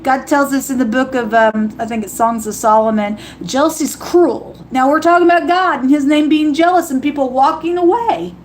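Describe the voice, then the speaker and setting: Woman, high voice, fiery preachy livestream host, warns and quotes scripture, faint hiss behind. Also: normal speed, few pauses, poor audio. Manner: fiery and warning, quoting scripture.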